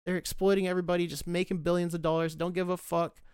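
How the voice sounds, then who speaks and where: A man's voice: high-pitched, level tone, fast, a little mellow, clean tone, no echo, studio quality. A man ranting casually about the country, profane and sarcastic, getting worked up as he talks. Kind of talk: casual rant.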